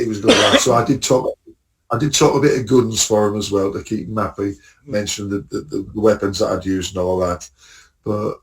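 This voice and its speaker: A man with a fairly low voice chats casually on a podcast, telling a long travel story. He rambles, restarts and laughs at his own jokes. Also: distant mic. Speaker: podcast co-host. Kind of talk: casual chat, travel anecdotes.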